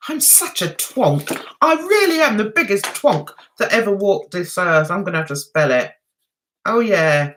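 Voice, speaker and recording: A middle-aged London woman hosts a chatty livestream, her bright, fairly high voice swooping all over as she teases her viewers and giggles. She talks at an unhurried pace. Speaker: livestream host. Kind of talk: casual livestream chat with viewers.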